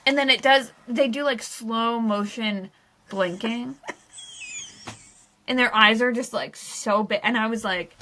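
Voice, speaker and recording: A young adult woman co-hosting a podcast, telling a story in casual chat with animated, breathless energy and a lot of laughter. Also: on the high side, unhurried, a little hiss or hum. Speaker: podcast co-host.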